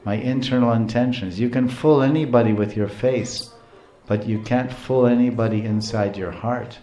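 A man giving a devotional storytelling lecture, animated, chuckling often and explaining terms as he goes. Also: mid-range voice, moderate pace, roomy sound. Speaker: preacher.

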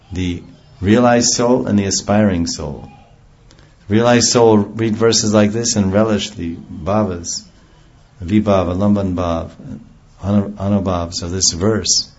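A man with a low, husky voice preaches an earnest devotional sermon, explaining through homely everyday examples. The recording is dull and lo-fi. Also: darkish tone.

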